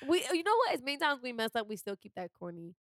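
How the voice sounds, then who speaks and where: A woman's voice: fairly high pitch, dry recording, studio quality. A young woman co-hosting a podcast, chatting casually with a playful, teasing manner. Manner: playful, teasing, laughs often. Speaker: podcast co-host.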